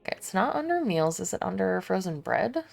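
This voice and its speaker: Chatty woman with a gravelly edge. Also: mid-range voice, sing-song, fairly quick, a little mellow. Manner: chatty, talks to herself while online shopping, laughs often. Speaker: streamer. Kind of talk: casual stream chat.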